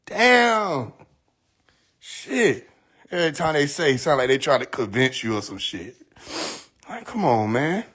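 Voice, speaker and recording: A man ranting comically on a phone live stream, profane and mocking, often breaking into shouted lines and laughter. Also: mid-range voice, lively intonation, measured pace. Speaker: livestream host. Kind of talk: comedic rant on a live stream.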